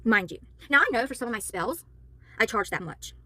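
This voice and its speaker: A tired, worn-out woman who works as a spiritual worker and tarot reader, ranting to camera in a heated, exasperated way and apologizing for yelling. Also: a little high, expressive, brisk, no room sound.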